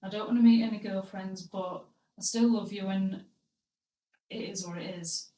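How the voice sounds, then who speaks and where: A woman's voice: medium pitch, steady tone, normal speed, warm tone, far from the mic. A young woman hosting a podcast, telling her story in a blunt, crude, comic way. She sits a little back from the mic, so her voice carries some room echo. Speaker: podcast host. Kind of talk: casual storytelling chat. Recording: roomy, a bit off-mic.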